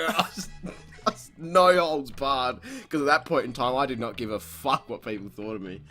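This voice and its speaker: A man's voice: medium pitch, fairly quick, faint music behind. Swearing young man telling a story. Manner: profane, laughs often, acts out quotes loudly. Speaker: podcast host. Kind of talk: casual storytelling chat.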